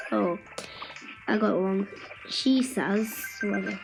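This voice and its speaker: A woman's voice: mid-range voice, fairly even intonation, moderate pace, creaky, faint music behind, rough recording. A woman giving casual, chatty commentary while playing a video game, playful and tripping over her words. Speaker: gameplay commentator.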